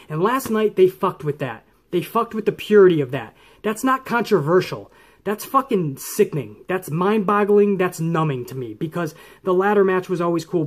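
Angry man ranting, high-pitched voice. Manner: angry, swearing, mocks referees in put-on voices. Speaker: wrestling commentary host. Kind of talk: profane ranting commentary.

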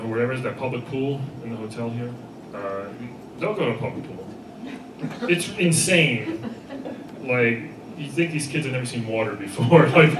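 A man doing a stand-up set in front of a live audience, acting out people in loud put-on voices. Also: medium pitch. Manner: animated, acts out people in shouted voices. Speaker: stand-up comedian. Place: live comedy venue with audience laughter. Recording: echoey room recorded from far off with background noise.

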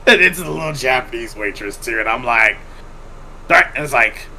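A man's voice: mid-range voice, animated, moderate pace, sharp tone, slight background noise, rough recording. A man hosting a podcast, telling a profane story in a casual chat and laughing often. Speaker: podcast host.

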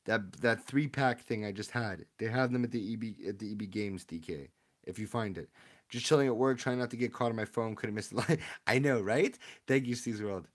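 Excitable man chatting on a live stream. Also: lowish voice, brisk. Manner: excitable, chatty, talks to viewers. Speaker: streamer opening card packs. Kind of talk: casual live-stream chat.

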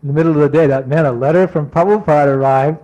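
A man with a fairly high voice gives a devotional talk, telling a personal story. He acts out remembered moments with animation, then eases into softer, slower reflection. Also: lo-fi sound. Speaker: spiritual teacher giving a talk.

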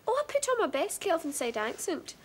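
A woman's voice: extremely high pitch, brisk, a little hiss or hum. A young woman with a Scottish accent playing a cheerful, determined Glasgow teenage girl in a family drama. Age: young adult. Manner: lively, joking, self-mocking. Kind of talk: 1980s television drama acting.

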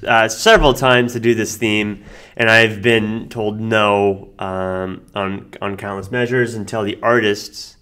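A man's voice: fairly low pitch, steady tone, unhurried, pushed and bright, clean tone. Rambling, hesitant male co-host. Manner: rambling, hesitant, full of fillers. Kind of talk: casual comedic chat.

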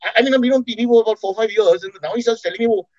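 A middle-aged man with an Indian English accent telling animated comic stories in an interview. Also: high-pitched, very fast, no echo, highs cut off. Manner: animated storyteller, acts out quotes. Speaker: comedian and TV host, guest. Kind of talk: anecdotal interview chat.

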